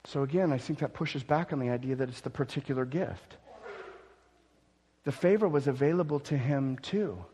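A man preaching a sermon, swinging between loud emphatic declarations and soft gentle murmuring, often repeating words as he restarts. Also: mid-range voice, normal speed, breathy edge. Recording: long hall reverb.

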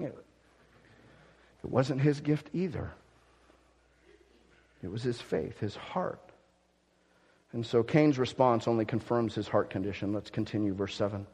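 A man preaching a sermon, swinging between loud emphatic declarations and soft gentle murmuring, often repeating words as he restarts. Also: mid-range voice, normal speed, long pauses, husky. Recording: long hall reverb.

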